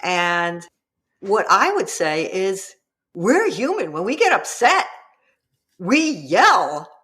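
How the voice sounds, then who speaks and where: A woman's voice: medium pitch, big pitch swings, slow pace, fairly bright tone. A woman guest author explaining her advice in a casual interview, quoting parents and children as she goes. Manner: explanatory, vividly quotes parents and kids.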